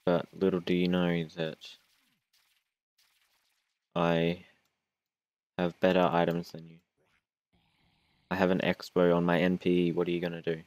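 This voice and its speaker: A man's voice: sits low, completely flat delivery, a little slow, pauses often, a little mellow, no echo. A young man, chatting and joking through his own gameplay recording, whining and self-mocking as he goes. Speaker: gaming YouTuber. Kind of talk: casual gameplay commentary.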